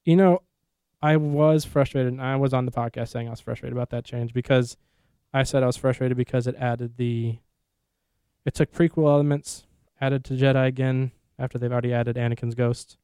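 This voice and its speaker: A man hosting a podcast in casual chat, talking excitedly and rambling in quick bursts. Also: medium pitch, smooth, no echo. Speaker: podcast host.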